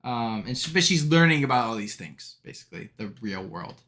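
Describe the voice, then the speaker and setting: A young man with a bright, forceful voice, chatting about a film on a podcast. He rambles, fills gaps with "um" and "like," and laughs as he retells the jokes. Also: medium pitch, sing-song, a little fast. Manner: rambling, many fillers, laughs while recounting jokes. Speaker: podcast co-host. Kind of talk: casual movie review chat.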